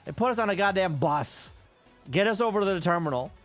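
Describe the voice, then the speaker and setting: A man's voice: high voice, animated, fairly quick, soft background music. A man livestreaming, casually telling rambling travel stories to his viewers with plenty of swearing. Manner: profane, rambling travel storytelling. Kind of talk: casual chat with stream viewers.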